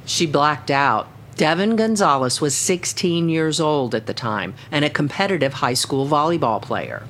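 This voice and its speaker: A woman reporter reads her scripted news narration in a measured, steady voice. Her voice sits low. A faint background ambience runs under the recording. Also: slight background noise.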